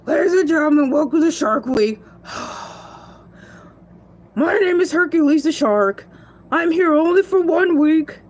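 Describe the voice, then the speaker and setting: A woman's voice: high voice, expressive, a little slow, pauses often. A woman voicing a cocky male shark who hosts a show, chatting playfully and bragging as he rambles. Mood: boastful. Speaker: stand-in show host. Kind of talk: comedic solo character show.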